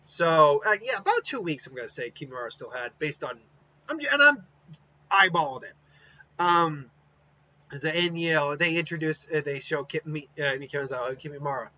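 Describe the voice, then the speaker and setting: A man retells a story in a loose, rambling way, doubling back often. His voice is a little high, bright and forward. The recording is dull and lo-fi with a faint hiss behind it. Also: lively intonation, moderate pace. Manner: rambling, many fillers and restarts. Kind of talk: casual story narration.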